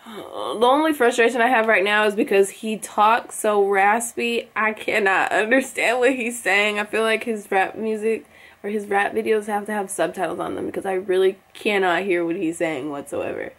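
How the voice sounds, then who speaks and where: A woman's voice: medium pitch, moderate pace, fairly bright tone. Chatty young woman reacting to a song. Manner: baffled, chatty, drops to a whisper at times. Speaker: reaction video host. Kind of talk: casual reaction commentary.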